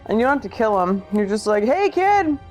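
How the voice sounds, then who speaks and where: A woman's voice: mid-range voice, fast talker, darkish tone, faint music behind. Tipsy woman rambling through a comic recap. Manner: rambling, swearing, full of likes. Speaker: comic narrator.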